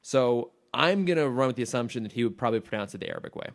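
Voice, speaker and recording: A man's voice: mid-range voice, lively intonation, racing. A man co-hosting a podcast in casual chat, talking enthusiastically and rambling with restarts and fillers. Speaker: podcast co-host.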